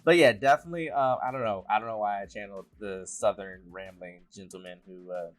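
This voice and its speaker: Easygoing guy chatting about his sketches, laughs a lot, lowish voice. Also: quick pace. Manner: relaxed, laughs often, loose rambling sentences. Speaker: writer and director. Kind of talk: behind-the-scenes interview.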